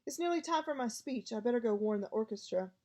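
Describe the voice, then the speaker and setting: Woman doing a stiff proper gentleman ghost. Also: on the high side, animated, fast talker, close to an everyday voice. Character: proud touchy gentleman ghost.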